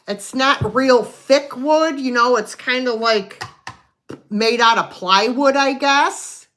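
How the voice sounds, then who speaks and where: Slow-talking woman hosting a live sale. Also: high-pitched, a bit bright. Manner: chatty, folksy, counts down sales. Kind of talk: live selling stream.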